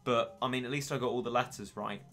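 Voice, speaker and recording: Late-teen male streamer, wry and chatty, sharp bright voice. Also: medium pitch, fairly even intonation, fast, soft background music. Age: late teens. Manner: chatty, wry and self-mocking. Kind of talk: casual gaming stream chat.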